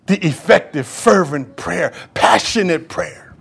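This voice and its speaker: A male pastor preaching with a notably high voice. He is impassioned, swinging between loud calls and near-whispers. He speaks straight to his congregation and acts out the voices he quotes. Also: expressive, moderate pace. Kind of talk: sermon.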